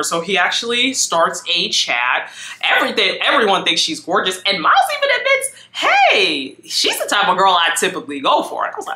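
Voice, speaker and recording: A woman giving a chatty, animated recap of a reality show, often quoting people in exaggerated voices. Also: medium pitch, moderate pace, roomy sound. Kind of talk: casual recap chat.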